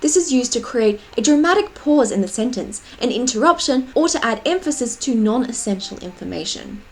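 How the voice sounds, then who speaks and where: A woman's voice: a little high, animated, a little fast. A woman giving a writing tutorial, explaining punctuation and reading example sentences aloud with expression. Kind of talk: tutorial narration.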